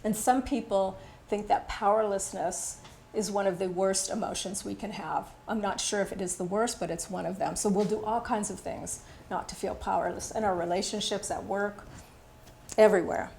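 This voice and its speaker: A woman's voice: mid-range voice, fairly even intonation, normal speed, creaky, darkish tone, a little hiss or hum. Candid older woman teaching a workshop. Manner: candid, personal storytelling with fillers. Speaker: workshop instructor. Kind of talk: casual workshop talk.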